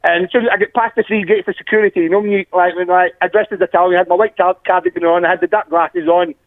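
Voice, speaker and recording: A man's voice: sits high, fairly even intonation, very fast, no room sound. A Glaswegian man chatting as a guest fan, telling rambling stories with restarts and laughter. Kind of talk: casual chat, storytelling. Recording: tinny phone-like line.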